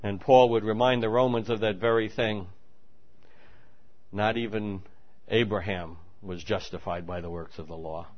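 A man preaching a sermon, moving between hushed asides and loud, emphatic declarations. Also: on the low side, fairly even intonation, moderate pace, muffled recording. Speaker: pastor.

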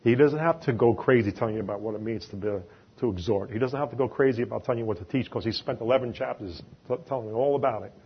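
A man's voice: mid-range voice, quick pace, slightly rough, lo-fi sound. A man from New York with a New York accent, giving an informal, chatty sermon full of homely examples and asides. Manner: chatty and conversational, with self-deprecating asides and laughs. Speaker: lay preacher.

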